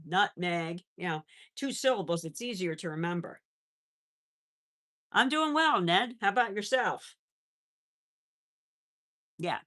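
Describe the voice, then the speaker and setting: A middle-aged woman chatting casually on a pet livestream, reading out viewer messages and cooing to her animals. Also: fairly low pitch. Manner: chatty, warm baby-talk to pets, reads chat aloud. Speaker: livestream host. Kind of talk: casual live chat.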